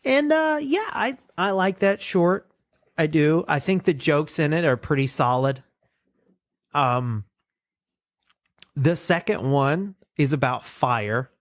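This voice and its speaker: A man's voice: on the high side, slow pace, pauses often, dry recording, clean studio sound. Casual man recapping cartoons with gusto. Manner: animated retelling, acts out lines. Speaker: podcast co-host.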